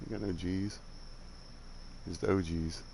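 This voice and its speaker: An older man with a Southern accent, softened by years in the Midwest, rambles in a laid-back way as he plays a game. His voice sits low, and faint noise runs under it. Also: fairly even intonation, slow pace, gravelly. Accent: Southern US with some Midwestern. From Alabama, southern United States. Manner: rambling, laid-back, chuckling, drifts off while building. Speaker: game streamer. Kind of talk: casual chat while playing.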